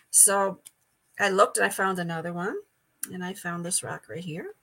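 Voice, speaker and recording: Bright-voiced chatty older woman. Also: mid-range voice, lively intonation, normal speed. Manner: chatty, repeats words, laughs often. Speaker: psychic medium guest. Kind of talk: casual storytelling interview.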